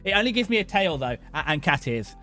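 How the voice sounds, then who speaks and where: A young British man hosting a livestream, rambling and joking excitably with many restarts. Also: high-pitched, fast, soft background music. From Britain. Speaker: VTuber streamer host. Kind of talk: casual livestream chat.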